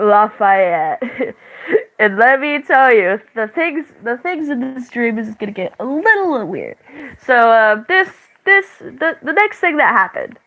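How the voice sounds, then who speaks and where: Recounting a dream in a relaxed way, this channel host keeps stopping and starting over, leaning on "like" as filler and giggling along the way. She has a slightly high, a bit bright voice, captured in low-quality audio.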